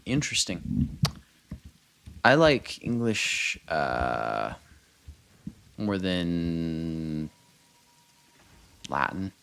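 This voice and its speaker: Guy streaming a factory game, gravelly voice, pitch bouncing all over, thinking out loud and answering chat. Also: a little hiss or hum. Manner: thinks aloud, trails off and restarts, mutters counts; chatty, answers viewers as he plays. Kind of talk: casual gameplay commentary.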